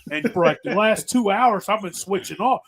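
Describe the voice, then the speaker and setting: A slightly high-voiced man with a drawl, swearing freely as he rambles through stories in a casual podcast chat. He laughs easily and keeps circling back to the punchline. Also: lively intonation, normal speed, a bit bright, husky. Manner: profane, rambling, laughing storyteller. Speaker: podcast host.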